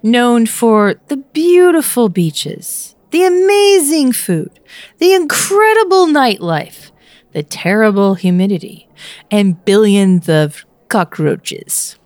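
Casting note: a woman podcast host with a slow, unhurried delivery and a lively, swooping pitch. Playful and quick to laugh. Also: no room sound. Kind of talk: casual chat.

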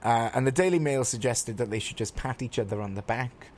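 A man's voice: medium pitch, fairly quick, a little hiss or hum. A man co-hosting a casual radio talk show, chatty and campy, gushing over stories and signing off the show.

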